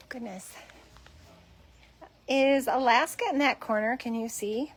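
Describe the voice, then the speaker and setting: Slow-talking woman cooing at shelter cats. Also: a little high, steady tone. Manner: chatty, coos softly at the cats. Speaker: cat shelter volunteer filming a livestream. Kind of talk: casual livestream chat. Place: cat shelter room.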